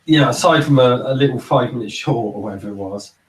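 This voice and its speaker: A man's voice: medium pitch, quick pace. A man chats on a casual podcast and rambles, stumbling over repeated words as he gathers his thoughts. He sits back from the microphone, so his voice sounds distant. The room adds a noticeable echo. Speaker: podcast co-host. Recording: roomy echo, far from mic.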